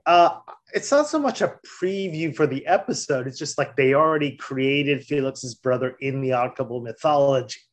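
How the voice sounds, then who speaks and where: A man's voice: mid-range voice, expressive, normal speed. A man co-hosting a podcast in casual chat, chatty and laughing readily. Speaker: podcast co-host.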